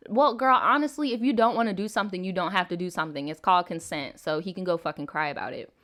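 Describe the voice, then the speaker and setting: A young woman with a lowish, slightly bright voice talks fast as she hosts a storytime channel. Reading a viewer's letter aloud, she keeps interrupting with blunt, profane remarks and laughs a lot.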